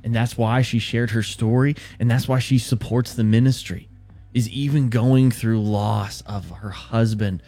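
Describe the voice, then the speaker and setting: A man hosting a radio fundraising appeal, speaking earnestly and haltingly, with frequent restarts. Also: mid-range voice, steady tone, warm tone, faint music behind. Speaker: radio host.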